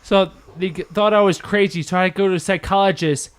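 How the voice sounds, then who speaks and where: A man's voice: high voice, steady tone, fast talker, slight background noise. A man telling a story as a podcast guest in casual chat, swearing freely and laughing as he talks. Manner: profane, laughs through his stories.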